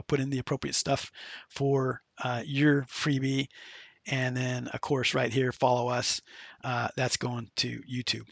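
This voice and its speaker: A man hosting a casual screen-share software tutorial, chatty and loose, with many fillers and restarts. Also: mid-range voice, vocal fry, no echo. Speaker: tutorial host.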